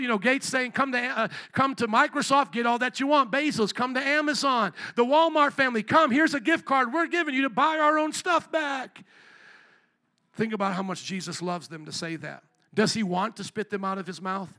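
A man preaching a sermon as pastor, asking the congregation questions and acting out quoted dialogue with animated swings in pitch and loudness. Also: moderate pace. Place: church.

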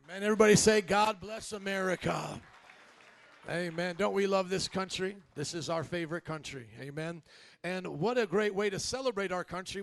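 A man's voice: high voice, normal speed. A man, the host pastor, introducing a guest speaker to his church in an upbeat, joking way. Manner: upbeat, joking, rallying the crowd. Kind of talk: church announcement.

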